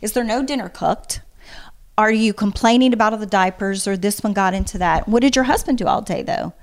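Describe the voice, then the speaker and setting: A middle-aged woman, appearing as an interview guest, offers earnest, heartfelt advice in casual conversation. She speaks quickly in a mid-range voice.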